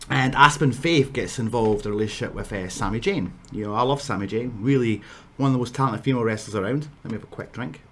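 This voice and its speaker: A man's voice: medium pitch, fairly bright tone. A man with a Scottish accent casually telling a wrestling story, rambling with asides and restarts.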